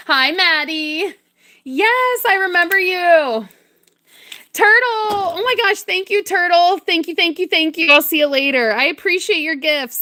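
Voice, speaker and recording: A woman's voice: sits high, pushed and bright. A young woman chatting casually on a craft livestream, greeting and thanking viewers with frequent giggles.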